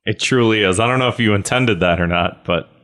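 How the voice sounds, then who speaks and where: A man's voice: lowish voice, fairly quick, a bit bright. A man co-hosting a comedy podcast in casual chat, joking and laughing often. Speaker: podcast co-host.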